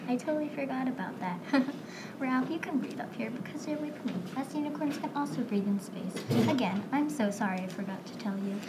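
A woman's voice: high voice, expressive, a little fast, heavy background noise. A woman voicing a cheerful male unicorn who talks in a breezy, reassuring way. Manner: breezy and chatty.

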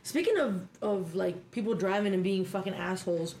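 A young woman from Kentucky co-hosting a casual podcast, telling heated stories full of swearing at a quick clip. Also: mid-range voice, darkish tone, a little hiss or hum. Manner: fast, profane, heated storytelling. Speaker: podcast co-host. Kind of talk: casual chat.

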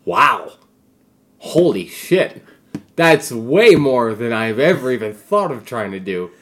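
A man's voice: medium pitch, very animated, slow. A man co-hosting a podcast, chatting casually in a sarcastic, joking way. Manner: joking, sarcastic, mock voices. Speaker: podcast co-host. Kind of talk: casual chat.

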